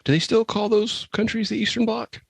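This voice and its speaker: A man's voice: sits high, flat delivery, a little fast, creaky, breathy edge, dry recording. A man co-hosting a comedy podcast, adding short teasing remarks. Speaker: podcast co-host. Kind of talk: casual comedy chat.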